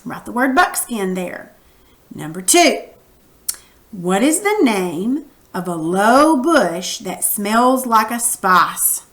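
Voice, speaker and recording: A woman's voice: medium pitch, very animated, takes it slowly, a bit bright. A woman teacher patiently walking students through a recorded reading lesson, talking casually while she writes on screen. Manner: patient, coaching, casual classroom talk; narrates while writing on screen.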